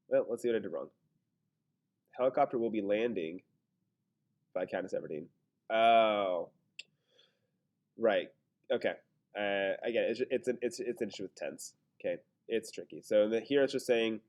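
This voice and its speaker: A man whose voice sits on the low side, with a darkish tone, runs a screen-recorded grammar lesson. His approach is casual; he reasons out loud and walks himself through the errors he makes.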